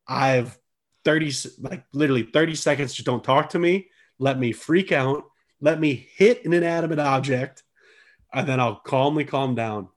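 Man, mid-pitched, jokey co-host who swears freely and laughs a lot. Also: moderate pace. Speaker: podcast co-host. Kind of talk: casual chat.

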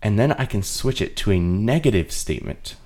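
A man with a very low, warm, mellow voice teaches a Bible study on his podcast. He explains in an earnest way and goes back over his points to drive them home. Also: big pitch swings, fairly quick. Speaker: host.

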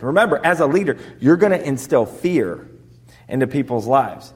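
A man's voice: a little high, husky. Emphatic male motivational speaker. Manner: emphatic, rising and falling for effect. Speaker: personal development speaker. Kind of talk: motivational talk.

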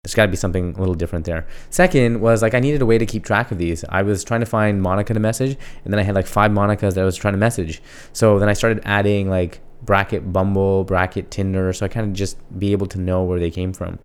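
A man hosting a casual solo podcast, asking himself questions and answering them in a jokey, animated way. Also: low-pitched, fast, clean tone. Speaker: podcast host.

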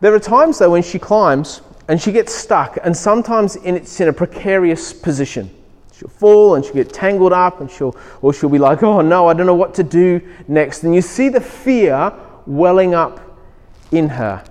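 A man's voice: sits high, animated, moderate pace. A man preaching a sermon as pastor, telling stories with emphatic rising lines. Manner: storytelling, acts out child's voice, emphatic rises. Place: church hall. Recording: long reverb of a hall.

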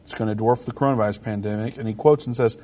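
A man co-hosting a casual religious talk show, chatting relaxed and reading quotes aloud. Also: fairly low pitch, very fast. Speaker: podcast co-host.

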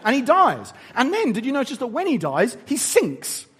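A male preacher giving a sermon in an animated, humorous, conversational way. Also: extremely high pitch, normal speed, husky.

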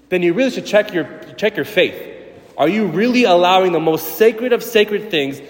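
A priest giving a sermon, animated, with sudden loud, high bursts of emphasis. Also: male voice, normal speed. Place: church. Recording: echoey church with long reverb.

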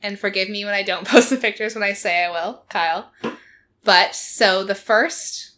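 A woman hosting a podcast, recapping a reality show in an animated, chatty way, laughing often and using lots of fillers. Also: medium pitch, moderate pace, slight background noise. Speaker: podcast host.

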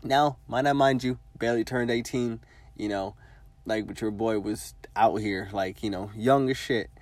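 A man's voice: fairly low pitch, moderate pace, no room sound. A man in his twenties telling a long personal story in casual, profane, rambling speech full of filler words. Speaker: vlogger.

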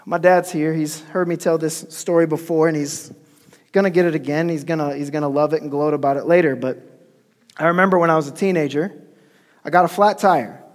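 A man's voice: fairly high pitch, fairly even intonation, brisk. A man preaching a sermon in a church, telling stories in a conversational way and calling for responses from the congregation. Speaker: pastor. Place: church sanctuary. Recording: long church-hall reverb.

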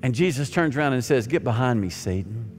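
A man preaches in a large church with a long, ringing reverb, while faint music plays under him. He builds to loud, emphatic points and then drops to soft, hushed phrases. His voice sits at an ordinary middle pitch. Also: expressive, a little fast. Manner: dramatic, swings from loud emphasis to soft near-whispers. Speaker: pastor. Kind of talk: sermon.

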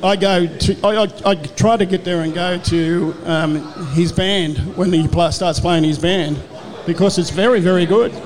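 An older Australian man with a notably high voice tells rambling stories from his playing days. He slips into the back-and-forth of old conversations as he goes, in an easy, casual way. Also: steady tone, measured pace, hardly any pauses, a little mellow, big-room sound. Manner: rambling storyteller who acts out quoted exchanges. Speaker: former rugby league player, guest. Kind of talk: casual anecdote telling.

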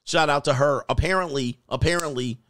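A man's voice: on the high side, a little fast. A middle-aged man hosting a casual livestream, reading chat comments and acting out quoted lines, laughing often. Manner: laughs often, loose and animated, acts out quoted voices.

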